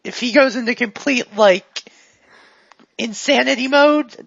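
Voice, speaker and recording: A brisk, matter-of-fact woman technician, voiced by a game master, quick and a little raised in pitch. The voice is husky with a gravelly edge. It comes through a dull, lo-fi recording. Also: no room sound, heavily acted. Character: brisk woman technician who tinkered with his mind.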